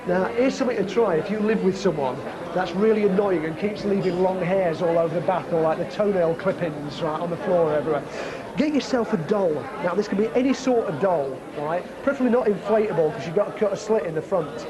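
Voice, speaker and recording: A man's voice: high voice, fairly quick, crowd noise. A man hosting a comedy magic show, talking to camera and to passers-by in cheeky, chatty, joking street patter outdoors.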